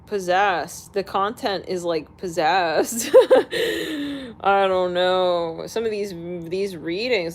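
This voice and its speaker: A woman's voice: on the low side, a little hiss or hum. A woman hosting an astrology channel, ranting casually and bluntly to her viewers, swearing freely and laughing between remarks.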